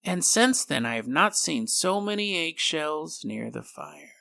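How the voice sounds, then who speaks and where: A man voicing an eerie changeling baby who claims to be a century old, speaking slowly and drawn out. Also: fairly high pitch, lively intonation, vocal fry, pushed and bright, heavily acted. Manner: slow, drawn-out delivery.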